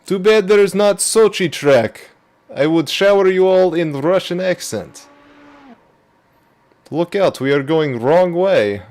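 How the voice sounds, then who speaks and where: Man doing a hammy fake-Russian voice gag, broken English, slightly higher pitch. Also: animated, slow pace, a little mellow. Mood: joking. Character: man faking a thick Russian accent.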